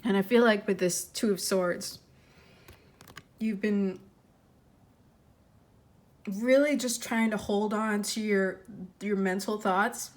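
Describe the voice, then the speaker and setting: Woman tarot reader, soft earnest delivery, fighting back tears, halting fillers. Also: mid-range voice, steady tone. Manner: gentle, heartfelt, with many fillers and restarts. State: tearful, fighting emotion. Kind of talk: intuitive tarot reading to camera.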